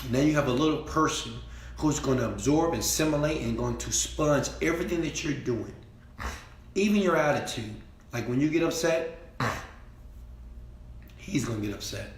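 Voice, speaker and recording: A man giving a preachy motivational speech, repeating himself and swinging between quiet talk and shouting. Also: mid-range voice, animated, moderate pace, long pauses, echoey room. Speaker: motivational speaker.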